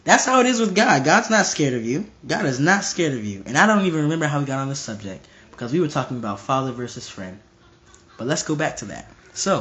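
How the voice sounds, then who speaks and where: A man's voice: medium pitch, fairly bright tone. A young man preaching informally to a live stream, emphatic and repetitive, often restarting his phrases.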